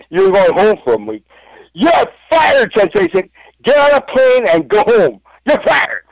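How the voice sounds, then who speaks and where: A man impersonating a brash, flamboyant veteran male wrestler who shouts and whoops as he fires someone. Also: high-pitched, wildly swooping pitch, slow, vocal fry, no echo, voice pushed up, heavily acted, low-quality recording. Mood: gleeful shouting. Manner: loud, whooping, gleeful shouting.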